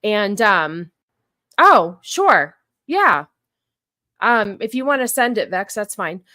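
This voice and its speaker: A woman's voice: medium pitch, sing-song, takes it slowly, sharp tone, no room sound, studio quality. A woman hosting a casual podcast chat, often stopping and repeating words as she thinks aloud. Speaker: podcast host.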